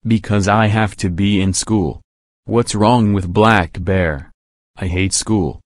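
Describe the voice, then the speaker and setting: A man voicing a hot-tempered male cartoon horse who hurls insults and threats in short, flat sentences. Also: lowish voice, slow pace, no echo. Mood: furious.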